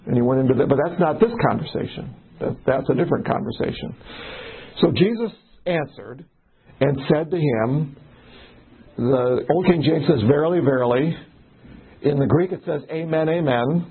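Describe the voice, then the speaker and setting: A man's voice: fairly high pitch, expressive, moderate pace, a little hiss or hum. A man leading a casual Bible study, talking in a conversational way and putting questions to the group. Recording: tinny phone-like recording.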